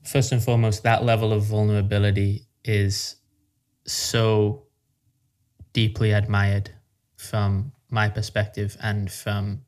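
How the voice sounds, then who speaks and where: Young male host, low monotone delivery, reflective and affirming. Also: slow. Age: young adult. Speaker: podcast host. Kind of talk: interview conversation.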